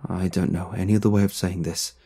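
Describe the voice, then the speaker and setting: A man voicing a drained, grieving middle-aged teacher who speaks in a quiet, halting way. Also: deep voice, flat delivery, husky, faint music behind.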